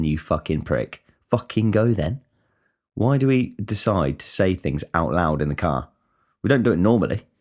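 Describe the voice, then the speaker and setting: A man's voice: low-pitched, a little mellow. A man hosting a casual solo podcast, rambling and swearing with many restarts. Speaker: podcast host.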